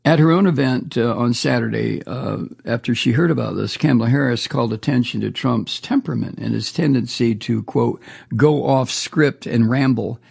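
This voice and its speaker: A man's voice: medium pitch, brisk, vocal fry, hardly any pauses, a little mellow, breathy edge. A male talk radio host delivering a profane, indignant political monologue, stumbling and repeating words as he goes.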